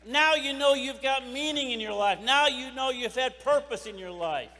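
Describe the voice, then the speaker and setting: A man's voice: extremely high pitch, animated, normal speed, sharp tone. A man giving an impassioned motivational speech at a sales convention, driving points home by repeating phrases. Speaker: keynote speaker at a sales convention. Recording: echoey hall reverb.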